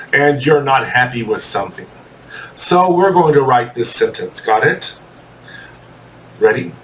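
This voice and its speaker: A man teaching English to young learners, dictating sentences slowly and spelling words out letter by letter. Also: mid-range voice, a bit bright, slight background noise. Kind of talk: slow dictation lesson for children. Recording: distant mic with faint room ambience.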